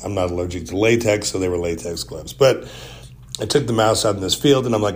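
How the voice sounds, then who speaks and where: Rambling man with a low voice. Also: fast talker, a little hiss or hum. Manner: rambling, wry and joking. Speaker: podcast host. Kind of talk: casual solo podcast monologue.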